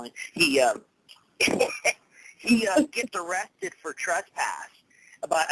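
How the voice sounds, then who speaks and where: A man talking casually as a guest, telling stories with lively swings and acting out the people he quotes. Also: a little high, slight background noise, low-quality recording. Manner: animated storytelling, acts out quoted people. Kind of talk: casual talk show chat.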